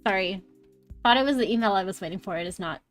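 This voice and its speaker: A woman's voice: medium pitch, fast, faint music behind. A young woman streaming a dating game, reading its text aloud and chatting casually, giggling often and using one voice for every character.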